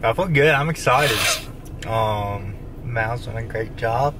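A man's voice: mid-range voice, slow, background noise. A man talking in an upbeat, joking way on a casual family vlog, recorded on a handheld phone. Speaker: husband and father. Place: car and hospital.

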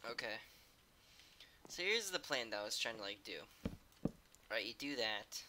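A man's voice: mid-range voice, big pitch swings, moderate pace, noisy background. A young man playing a video game alone at home, muttering irritably and swearing to himself. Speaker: gamer. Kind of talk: solo gaming commentary. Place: room at home.

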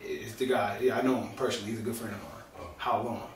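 A man's voice: lowish voice, fast talker. A man telling jokes in a casual contest, boastful and trash-talking, laughing between lines. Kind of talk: casual joke contest banter. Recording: echoey room from a distance, faint noise.

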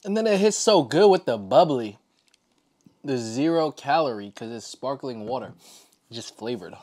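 A man vlogging casually as he eats a meal, excited and often talking with his mouth full. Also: medium pitch, moderate pace. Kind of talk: casual eating vlog.

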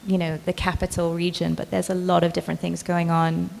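Woman with a gravelly voice, in a hall. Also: fairly low pitch, monotone, a little fast, darkish tone. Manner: hesitant, many fillers and restarts. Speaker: book editor and speaker. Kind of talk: public talk Q&A answers. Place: gallery event space. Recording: long reverb in a hall with faint ambience.

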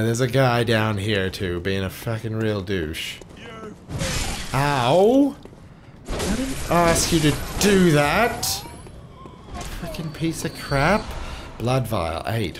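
A man doing let's play commentary on a game. He cusses at enemies and swings between loud outbursts and low muttering. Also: background noise. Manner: swears and curses at enemies. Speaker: gameplay commentator.

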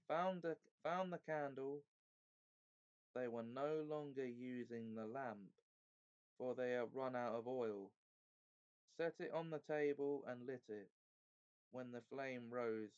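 A man narrating a children's fantasy chapter book aloud in a measured, expressive way. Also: mid-range voice, clean tone, dull audio. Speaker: audiobook reader. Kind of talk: storybook narration.

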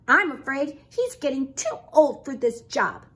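Woman playing a high, fretful aunt groundhog, bossy. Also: sing-song, measured pace.

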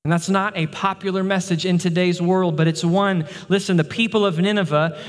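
High-voiced male pastor preaching in a reverberant hall. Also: fairly even intonation, fairly quick. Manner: emphatic preaching, repeats words for stress. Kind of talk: sermon. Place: church sanctuary.

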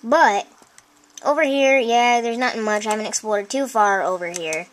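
A woman commenting on her own video game play, chatty and easily excited, often breaking into exclamations and talking straight to her viewers. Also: fairly high pitch, normal speed, slight background noise. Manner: chatty, addresses viewers directly. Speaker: let's play host. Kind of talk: gameplay commentary.

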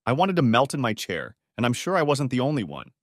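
A man's voice: mid-range voice, huge pitch swings, a little fast, no echo, clean studio sound. Man playing an anxious, stammering young man, polite, storybook reading. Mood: irritated. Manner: stammering, apologetic. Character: awkward young man, nervous and polite, stammers when put on the spot.

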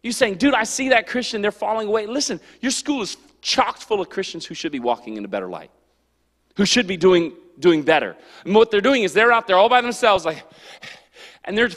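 A man preaching an energetic youth sermon as pastor, storytelling and acting out quotes with lively bursts. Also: high voice, a little fast. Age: adult. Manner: animated, storytelling with acted-out quotes. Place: church sanctuary. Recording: church hall reverb.

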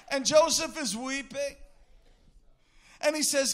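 A man preaching a sermon in an impassioned way, bursting into shouts and sing-song phrases. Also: very high voice, normal speed, a faint crowd.

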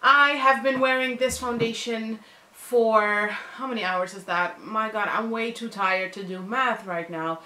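A woman's voice: a little high, steady tone, measured pace, bright, forceful tone. A woman chatting casually to camera as a beauty vlogger, informal and talkative. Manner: chatty, informal, addresses viewers as guys.

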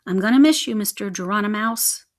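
A squeaky, teasing little boy mouse from a children's storybook, cheeky and clingy, as a woman reading aloud puts him on. He sits higher than the reader's own voice. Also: fairly quick, natural voice.

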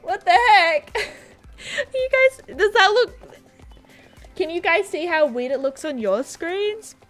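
A woman's voice: extremely high pitch, sing-song, takes it slowly, a bit bright, faint music behind. A young Australian woman streaming a game and chatting casually with her viewers. She talks in a bubbly, scattered way, full of "like" and giggles. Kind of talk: casual livestream chat, reading viewer comments.

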